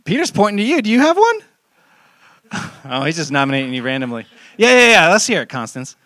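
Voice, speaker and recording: A young man, a pastor, giving a relaxed, joking sermon with lots of fillers and restarts, asking the congregation questions. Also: fairly high pitch, fairly quick, no echo. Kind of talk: casual sermon with audience interaction. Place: church hall. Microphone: handheld mic.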